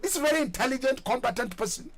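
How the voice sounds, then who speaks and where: A Nigerian man arguing forcefully on a radio talk panel, firing repeated rhetorical questions. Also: very high voice, expressive, fast talker, a crowd in the background. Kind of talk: heated studio discussion.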